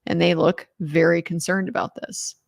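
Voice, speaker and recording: A woman's voice: fairly low pitch, steady tone, normal speed, creaky. A woman as a legal commentator, giving a casual trial recap in a conversational way with lots of filler words.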